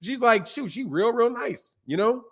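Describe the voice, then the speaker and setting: A man's voice: very high voice, animated, moderate pace, a bit bright, slightly rough. A man hosting a boxing channel, chatting loosely and telling stories, with lots of "man" and "bro". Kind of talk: casual live-stream chat.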